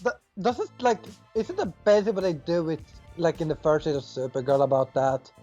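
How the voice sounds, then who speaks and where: Halting, lively-pitched podcast co-host. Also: muffled recording, faint music behind. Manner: loose, halting, trailing off. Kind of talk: casual chat.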